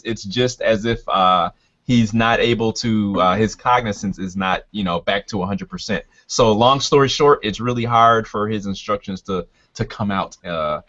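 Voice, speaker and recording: A man's voice: on the low side, a bit bright, highs cut off. A man narrating as game master of a tabletop game, hesitant with many fillers.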